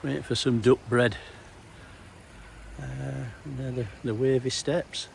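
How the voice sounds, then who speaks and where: A man's voice: medium pitch, flat delivery, unhurried, gravelly, a little hiss or hum. A middle-aged man and former police officer giving a casual, rambling walking tour outdoors, with dry humour. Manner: meandering, anecdotal, dry humour. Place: outdoors in a small town.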